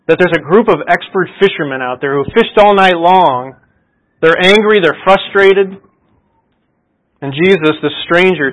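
A man with a slightly higher voice preaches a relaxed, conversational sermon. He retells scripture like a story and often stops to ask his listeners rhetorical questions. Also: low-quality recording.

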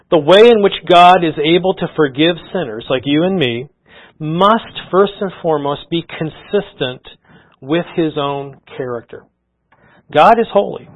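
A middle-aged man preaching a sermon in an earnest, conversational way, often restarting his sentences. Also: on the high side. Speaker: pastor. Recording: slightly dull lo-fi sound.

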